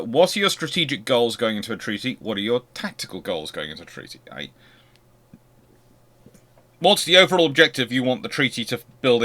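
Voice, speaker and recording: A man's voice: on the low side, bright, forceful tone. A man hosting a history channel, giving an unscripted lecture and posing rhetorical questions as he explains.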